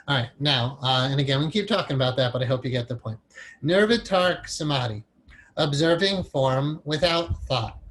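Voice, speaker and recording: A man teaching a recorded meditation class in a casual, animated way, acting out the inner voice of the mind as examples. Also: a little high.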